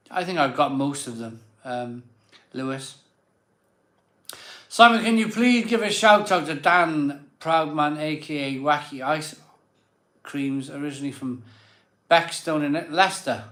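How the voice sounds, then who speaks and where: This beer-show host has had a bit to drink and rambles casually on air, second-guessing himself and restarting with lots of filler words. His voice is on the high side and a bit bright, recorded in a roomy space.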